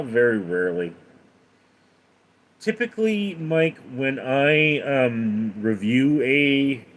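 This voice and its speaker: Slow, rambling man answering chat. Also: medium pitch. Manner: chatty and rambling, hesitant with ums. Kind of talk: casual live chat.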